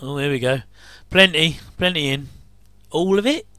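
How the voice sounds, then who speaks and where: A man's voice: on the high side, normal speed, sharp tone, dry recording. A man giving a casual, rambling commentary over an old TV episode, with frequent chuckling asides.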